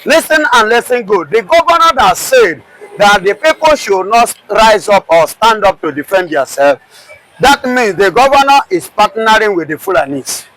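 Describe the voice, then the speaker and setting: Fiery Nigerian man with high voice. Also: very animated, normal speed, fairly bright tone, low-quality recording. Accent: Nigerian English. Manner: combative, repeats rhetorical questions. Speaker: commentator guest. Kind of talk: heated political commentary.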